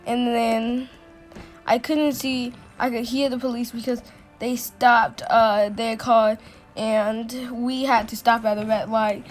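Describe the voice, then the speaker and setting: A woman telling a personal story in a casual storytime, halting often with restarts and fillers. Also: on the high side, little pitch movement, soft background music.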